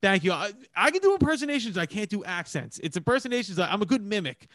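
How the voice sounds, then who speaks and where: A man's voice: sits high, sing-song, quick pace, a bit bright, dry recording, studio quality. A man co-hosting a podcast, talking emphatically in casual chat and swearing freely. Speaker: podcast co-host.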